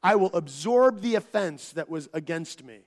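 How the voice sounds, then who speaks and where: A man's voice: high-pitched, animated, normal speed. A middle-aged man preaching a sermon, earnest and conversational, often restarting phrases and acting out quoted dialogue. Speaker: pastor.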